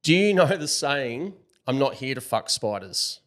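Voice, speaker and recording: Man, podcast host, casual interview, upbeat, laughs a lot, mid-pitched voice. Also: big pitch swings, a bit bright. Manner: upbeat, laughs often, quick-fire questions.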